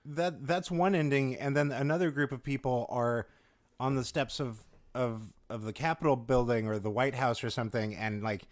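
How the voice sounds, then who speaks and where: A man's voice: mid-range voice, steady tone, normal speed. A man on a casual comedy podcast, rambling with lots of fillers and the odd curse word. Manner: rambling, full of fillers and profanity.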